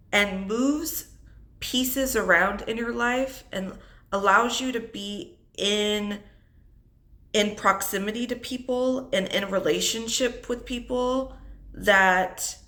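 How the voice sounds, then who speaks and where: A woman's voice: mid-range voice, sharp tone. A young adult woman telling an unscripted personal story about her divorce, reflective and holding back tears. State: tearful. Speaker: single mother vlogger.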